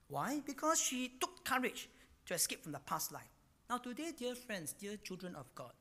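A man delivers a sermon in a high, bright voice that swoops up and down with emphasis. He drives his points home with rhetorical questions. He caps phrases with little particles like "lah" and "no". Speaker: preacher.

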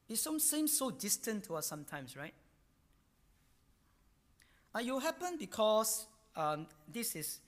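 A man's voice: sits high, a bit bright. A man preaching a sermon with emphatic delivery and many rhetorical questions, ending phrases with particles like "lah" and "no".

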